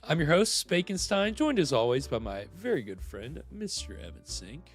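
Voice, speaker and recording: A man's voice: a little high, big pitch swings, normal speed, faint music behind. Rambling man hosting a horror stream. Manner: rambling, chatty, many fillers. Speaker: livestream host. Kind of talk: casual chat.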